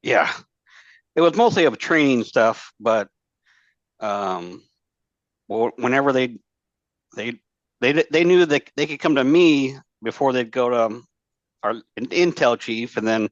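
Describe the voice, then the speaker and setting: A man's voice: medium pitch, lively intonation, a little slow, long pauses, no echo. Profane rambling man, dull dry audio. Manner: rambling, profane, many fillers and restarts. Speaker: podcast guest, former Marine. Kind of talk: casual storytelling chat.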